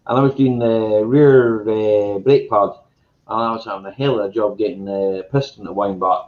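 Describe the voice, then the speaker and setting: A man's voice: on the low side, fairly even intonation, moderate pace. A man chatting casually, telling rambling stories and laughing often. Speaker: chat guest. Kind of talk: casual chat. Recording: muffled and roomy.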